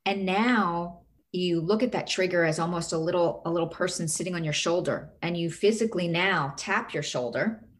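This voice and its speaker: A woman's voice: lowish voice, moderate pace, few pauses. Earnest middle-aged woman coaching. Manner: earnest, explains step by step with rhetorical questions. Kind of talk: casual advice talk.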